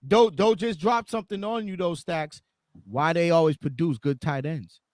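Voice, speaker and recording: A man with a Boston accent hosting a casual sports podcast, animated and quick to agree, often repeating his words. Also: on the high side. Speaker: podcast host.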